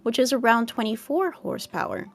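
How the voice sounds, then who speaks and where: A woman's voice: on the high side, expressive, a little fast, creaky. A young woman co-hosting a casual podcast, reading fun facts aloud in a wry, playful way.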